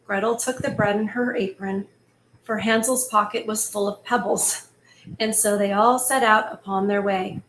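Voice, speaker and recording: A woman reading a fairy tale aloud and breaking off into chatty, excitable asides. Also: mid-range voice, moderate pace, a little hiss or hum. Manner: excitable, chatty, animated commentary. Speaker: storyteller host. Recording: echoey room, faint ambience.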